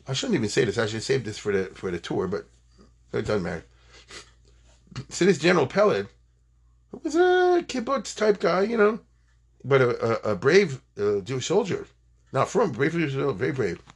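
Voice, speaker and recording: Brief: older man, husky voice, Torah teacher, animated digressive storyteller. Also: mid-range voice. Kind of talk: informal Torah class.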